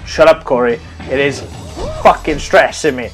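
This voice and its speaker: A man's voice: medium pitch, moderate pace, faint music behind. A young man in casual gaming chat with a friend, mocking and swearing in a bantering manner. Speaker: gaming co-host.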